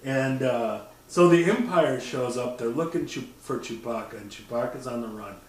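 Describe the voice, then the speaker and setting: A man chatting casually on a podcast, animated and profane, often mimicking voices as he talks. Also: mid-range voice, moderate pace, far from the mic. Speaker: podcast co-host. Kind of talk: casual chat. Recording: roomy, off-mic sound.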